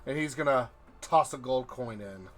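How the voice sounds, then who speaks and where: A man's voice: medium pitch, moderate pace, soft background music. A man narrating as dungeon master in a casual, swearing style. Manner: casual, profane, laughing. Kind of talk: narrating a tabletop game.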